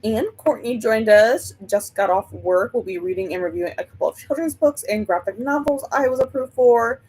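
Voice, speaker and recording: A woman's voice: fairly high pitch, normal speed, a little mellow, husky, low-quality recording. A woman hosting a book livestream, chatting casually and rambling while she greets viewers by name.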